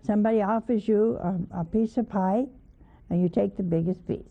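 Gravelly woman preaching over a tinny line. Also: medium pitch, moderate pace. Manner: folksy, questioning, chuckling asides. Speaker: religious teacher. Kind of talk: informal sermon. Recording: tinny phone-like old recording.

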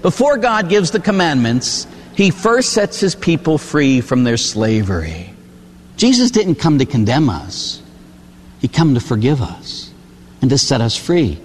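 A Catholic priest giving a sermon, telling stories with lively acted-out voices. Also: male voice, mid-range voice, measured pace, long reverb tail. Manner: animated storytelling, acts out characters.

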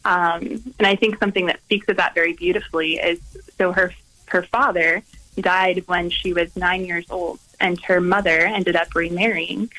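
Woman, Carmelite nun, interview guest, gentle and earnest, hesitant pauses, lowish pitch. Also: flat delivery, rough recording. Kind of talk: reflective storytelling in conversation.

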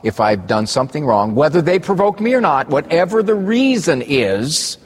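A man hosting a talk show, asking plain questions in a husky voice. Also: a little high, very animated, normal speed, long reverb tail. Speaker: host. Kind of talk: casual chat.

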